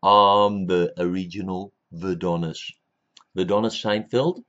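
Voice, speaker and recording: A man rambling through a comic monologue for his own show pilot, laughing at his own jokes and breaking into shrill excited shouts, on a dull lo-fi recording. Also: unhurried.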